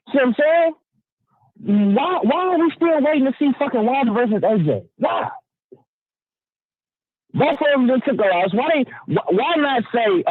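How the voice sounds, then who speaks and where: Fired-up high-voiced man on a phone line. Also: no echo. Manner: emphatic, profane, stammering restarts, keeps asking "you know what I'm saying". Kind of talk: heated opinion rant. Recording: dry tinny phone line.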